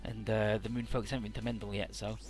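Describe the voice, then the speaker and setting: A man's voice: fairly low pitch, little pitch movement, fast, a little mellow, soft background music. A young man casually recapping a game's story, swearing and sarcastic as he plays. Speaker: let's play host. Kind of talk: casual game commentary.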